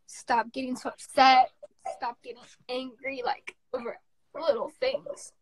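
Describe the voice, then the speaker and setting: A young woman in her teens giving a halting, tearful apology on a phone live stream, full of fillers and restarts. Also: high-pitched, flat delivery, dry recording, rough recording. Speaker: livestreamer.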